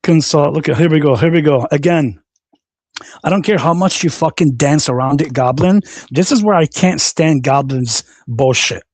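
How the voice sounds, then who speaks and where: A man's voice: on the high side, normal speed, darkish tone, dry recording. A man hosting a livestream, ranting in a combative, repetitive way and swearing often. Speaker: livestream host. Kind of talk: solo livestream rant.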